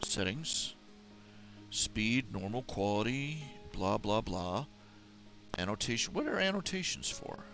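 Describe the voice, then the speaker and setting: A man hosts a live stream on his own, chatting in a loose, rambling way with goofy mangled grammar. He drifts into low mutters while he tweaks settings. Faint background music plays under his voice. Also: very animated, measured pace, creaky, a bit bright. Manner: rambling and playful, with silly mock grammar and put-on accents; mumbles to himself while fiddling with settings. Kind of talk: casual solo live stream chat.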